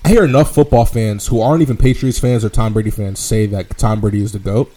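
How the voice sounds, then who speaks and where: A man's voice: lowish voice, fairly even intonation, fast talker, warm tone. A man chatting casually as a podcast co-host, rambling with lots of fillers and swearing. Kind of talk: casual chat.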